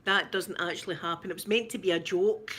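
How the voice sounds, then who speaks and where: A middle-aged Scottish woman, a mother, chatting casually to camera and telling stories in an animated way, with lots of repeats. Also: fairly low pitch, brisk, slightly rough. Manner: animated storytelling with laughs and repeats. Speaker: vlogger, mother.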